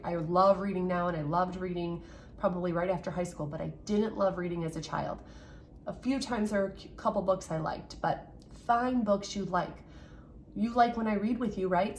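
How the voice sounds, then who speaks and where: A woman's voice: medium pitch, a little hiss or hum. A woman teacher recorded at home, talking earnestly and encouragingly straight to her young students in a farewell message. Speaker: third-grade teacher.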